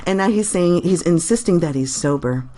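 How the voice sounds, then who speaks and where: A woman's voice: lowish voice, expressive, moderate pace, warm tone. A woman making a casual reaction video, reading comments aloud with sarcasm and frequent giggles.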